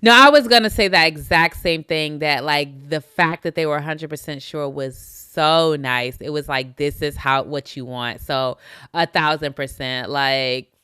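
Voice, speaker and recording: Bright, crisp-voiced woman chatting casually. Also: deep voice, unhurried, dry recording, studio quality. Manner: expressive, laughs often, acts out quotes. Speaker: podcast co-host. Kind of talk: casual chat recapping a reality show.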